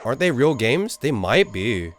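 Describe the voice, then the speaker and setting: A man giving excitable let's-play commentary as a gamer streaming a playthrough, swearing freely. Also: mid-range voice, moderate pace, faint music behind.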